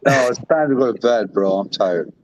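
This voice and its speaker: A man's voice: mid-range voice, moderate pace, crowd noise. A man in a casual group chat, laughing a lot and easily exasperated, heard over dull lo-fi call audio.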